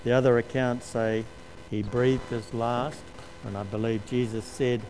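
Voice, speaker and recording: A man preaching a sermon, slow and emphatic, lifting his voice to stress key words. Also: medium pitch, little pitch movement, darkish tone, low-quality recording.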